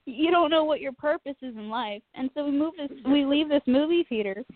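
A woman co-hosting a casual podcast, spinning an animated, self-mocking story with plenty of swearing. Her voice sits a little high and sounds dry and close. It comes through thin and tinny, like a phone line. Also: fairly quick, no room sound. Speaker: podcast co-host.

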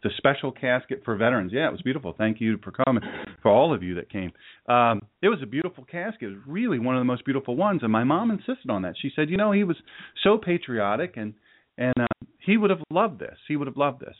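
A man's voice: mid-range voice, sing-song, quick pace, narrow, tinny audio. A man preaching a sermon to a live audience, folksy and joking, rambling through stories between laughs. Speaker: pastor.

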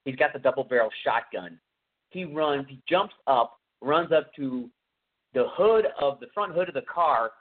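A man's voice: mid-range voice, expressive, moderate pace. A man hosting a podcast who retells a film scene in a casual, rambling, enthusiastic way, with many fillers. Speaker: podcast host. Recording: tinny phone-like sound.

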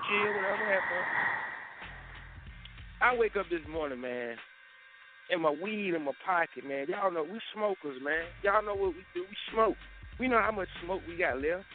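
A man hosting a casual call-in morning show, telling a story in a rambling, emphatic way with lots of slang. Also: on the high side. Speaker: radio show host. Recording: tinny phone line with faint music.

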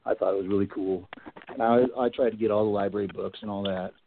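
A man's voice: lowish voice, fairly even intonation, fast, gravelly, slight background noise. A middle-aged man telling a long personal story in a casual, rambling way, full of "you know" and "like", as a guest on a radio show. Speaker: Bigfoot researcher guest. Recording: tinny phone line.

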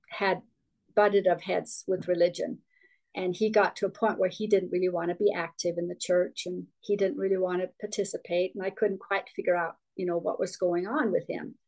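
A woman's voice: fairly low pitch, little pitch movement, normal speed, a little mellow, low-quality recording. A middle-aged woman from Denmark, a guest telling her life story in an interview, candid and rambling with restarts. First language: Danish.

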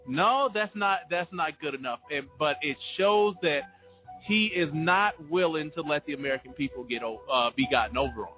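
A man talks on a radio show in an animated, emphatic way. His voice is a little high and sounds tinny over the phone line, with faint music behind it. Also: normal speed. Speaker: radio co-host. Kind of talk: casual radio talk.

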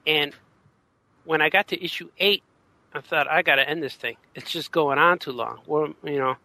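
Laid-back guest, man, bright sharp voice, halting casual talk. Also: fairly high pitch, no echo, rough recording. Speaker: comics creator. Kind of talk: casual chat.

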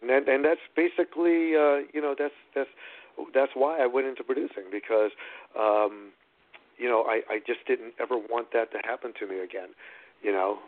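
Middle-aged actor-producer calling in by phone, rambling storyteller with a mid-range voice. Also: male voice, mid-range voice, moderate pace. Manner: animated, rambling retelling with many restarts. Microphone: phone line. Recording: phone-line radio call-in.

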